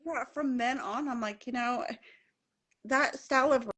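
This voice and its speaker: A woman's voice: high voice, unhurried, a bit bright. Earnest woman telling her own story. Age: adult with children at home. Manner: earnest and emphatic, repeating key phrases. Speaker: podcast guest. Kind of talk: casual personal storytelling.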